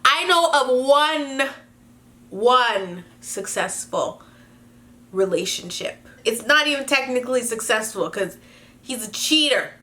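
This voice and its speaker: A woman's voice: a little high, expressive, slow, pushed and bright. A young woman from Canada reading viewer emails aloud and giving blunt, sassy advice in a casual chat, swearing freely.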